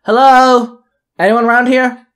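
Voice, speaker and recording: A man voicing a young male gang leader who barks orders and yells. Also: a little high, normal speed, close to an everyday voice. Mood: shouting. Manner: barking orders, yelling.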